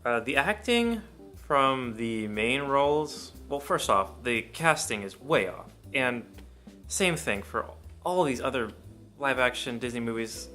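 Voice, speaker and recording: A man's voice: medium pitch, expressive, a little slow, sharp tone, faint music behind. A man giving a casual, rambling film review, blunt and full of cursing. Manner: blunt, profane, rambling opinions.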